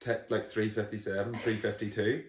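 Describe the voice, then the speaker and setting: A man's voice: on the low side, little pitch movement, brisk, roomy sound. A young adult man chatting in laid-back, joking banter. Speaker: vlog co-star. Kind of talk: casual banter.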